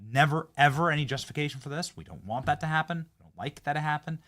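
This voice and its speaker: A man's voice: on the high side, fast talker, fairly bright tone. A man hosting a political commentary show, sarcastic and mocking as he reacts to clips. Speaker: host.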